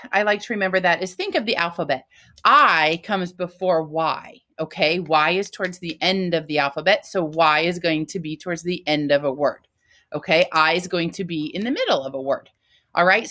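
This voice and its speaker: A woman teacher giving a phonics lesson to first graders, talking slowly and patiently in a sing-song teacher voice. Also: fairly low pitch, a bit bright. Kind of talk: phonics lesson for young children.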